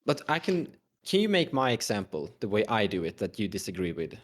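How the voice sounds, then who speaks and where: A man's voice: lowish voice, big pitch swings, brisk. A man with a Swedish accent in a casual podcast chat, steering the topic and cutting in to explain. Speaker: podcast guest, Commander player.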